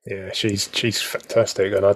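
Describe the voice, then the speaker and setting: A man co-hosting a podcast, chatting in a relaxed, matter-of-fact way. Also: fairly low pitch, moderate pace. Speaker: podcast co-host. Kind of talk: casual chat.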